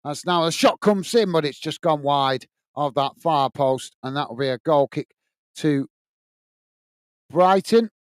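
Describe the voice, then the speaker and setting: A chatty middle-aged man hosts a football watch-along. He calls the play and reads out viewer messages in a fairly high, smooth voice. The sound is dry and close. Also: a little slow, dry recording. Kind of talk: live match commentary and chat reading.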